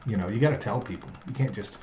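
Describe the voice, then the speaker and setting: A man's voice: on the low side, fast, dark tone, highs cut off. A man co-hosting a casual talk stream, reading news and riffing in a wry, rambling way. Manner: wry, rambling, laughs at own jokes. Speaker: podcast co-host. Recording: roomy with faint noise.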